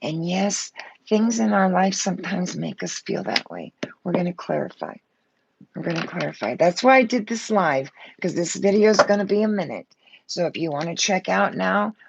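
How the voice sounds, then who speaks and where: Gravelly fired-up woman reading tarot. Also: lowish voice, normal speed, noisy background. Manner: blunt, fired up, swears freely. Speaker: tarot reader.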